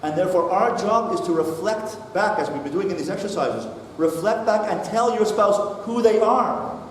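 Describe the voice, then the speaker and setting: A middle-aged man gives a talk in a synagogue, animatedly acting out a family story. His slightly high voice carries through a long, reverberant hall, picked up by a distant mic over steady background noise. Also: moderate pace. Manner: animated storyteller, acts out dialogue. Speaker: rabbi giving a talk. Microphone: distant mic, far from the speaker. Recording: echoey hall recorded from far off.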